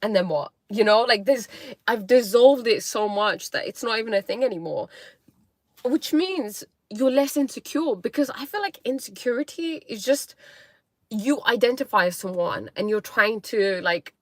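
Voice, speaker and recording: A woman's voice: on the high side, expressive, no room sound. A woman hosting a casual live stream, chatting playfully and reading comments aloud, peppering her talk with "like" and "you know". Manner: acts out her inner critic in quick mocking voices. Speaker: livestream host.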